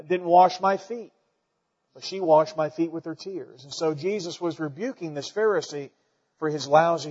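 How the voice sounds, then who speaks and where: A man preaching a sermon as pastor, earnest and halting, with many fillers and restarts. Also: on the high side, darkish tone. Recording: dull sound with long hall reverb.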